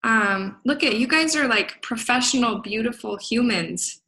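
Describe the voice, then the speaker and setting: A woman giving an energetic motivational talk as a business coach, speaking to a laptop on a video call and punctuating her points with quick rhetorical questions. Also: fairly high pitch, poor audio. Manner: energetic, punchy, keeps asking "right?". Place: away from home, speaking to a laptop.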